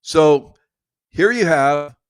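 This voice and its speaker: A man's voice: fairly high pitch, expressive, drawn-out words, clean tone, dry recording, clean studio sound. A middle-aged man telling a casual, rambling story with a conspiratorial edge and frequent laughs. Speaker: podcast host.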